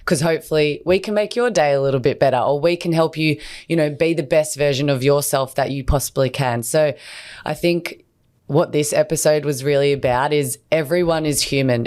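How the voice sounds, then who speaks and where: A woman co-hosting a podcast, speaking warmly and encouragingly as she wraps up the episode. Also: low-pitched, normal speed. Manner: warm, encouraging, wraps up the show. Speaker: podcast co-host. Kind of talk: casual podcast chat.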